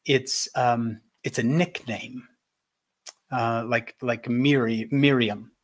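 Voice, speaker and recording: A man from Utah giving a faith talk as a public speaker, telling stories with animation and slowing down for emphasis. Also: mid-range voice. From Utah, USA. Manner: animated storyteller, slows for emphasis.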